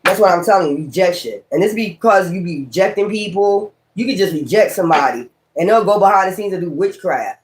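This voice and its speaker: A man's voice: high-pitched, lively intonation, a little fast, hardly any pauses. A man doing a casual tarot reading, talking in a blunt, profane, rambling and preachy way. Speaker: tarot reader.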